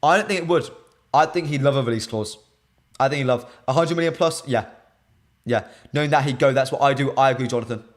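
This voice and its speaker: A young British man hosting a live stream, chatting casually and answering viewers' comments in lively banter. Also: medium pitch, quick pace. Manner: animated, reads chat comments aloud and banters with viewers.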